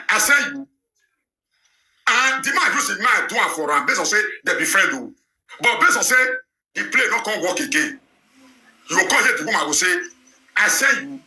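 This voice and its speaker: A man's voice: high voice, sharp tone, roomy sound. A man speaking with a Nigerian Pidgin accent, ranting heatedly as a show presenter and firing off rhetorical questions. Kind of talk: heated live talk.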